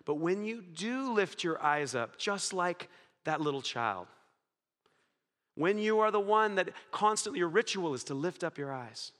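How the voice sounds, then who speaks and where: A male pastor with a high, bright voice delivers a sermon. He tells stories in a lively way and jokes with the congregation. His words ring out with a long reverb from a church hall. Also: measured pace. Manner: lively storytelling, jokey, chuckles.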